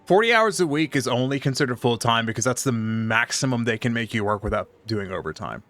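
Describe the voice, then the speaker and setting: A man's voice: mid-range voice, lively intonation, a little fast, a bit bright, soft background music. A man streaming live, telling a profane, exasperated story in casual chat.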